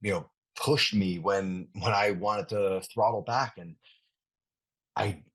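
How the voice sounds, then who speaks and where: A retired athlete, appearing as an interview guest, tells a story in a fairly low, slow voice with a breathy edge. He's relaxed and casual, rambling along, swearing freely and restarting his sentences often.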